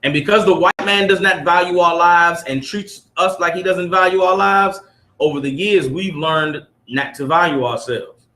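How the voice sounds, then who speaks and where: A man's voice: high voice, moderate pace, pushed and bright, a little hiss or hum. A man leading a preachy lesson for a group, reading aloud and pressing them with rhetorical questions. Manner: emphatic, fires rhetorical questions at listeners. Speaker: study group teacher. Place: room with a group of listeners. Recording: echoey room.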